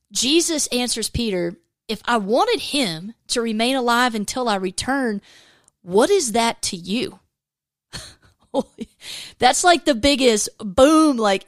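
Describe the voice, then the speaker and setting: A woman with a fairly high voice gives a casual devotional Bible teaching. She talks in a candid, chatty, self-deprecating way, with plenty of fillers and restarts. The recording sounds dry and close. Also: no echo.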